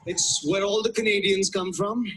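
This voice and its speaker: Indian guy doing standup, highish voice, dry self-mocking punchlines, little bit of hiss. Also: steady tone, moderate pace. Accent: Indian English. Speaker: stand-up comedian. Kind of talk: stand-up routine. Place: stage before a live audience.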